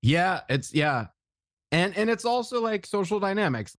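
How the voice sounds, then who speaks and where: A man's voice: sits high, very animated, moderate pace, fairly bright tone, no room sound, clean studio sound. A man in his thirties hosting a casual podcast chat, easygoing and affirming, laughing often as he responds. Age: 30s.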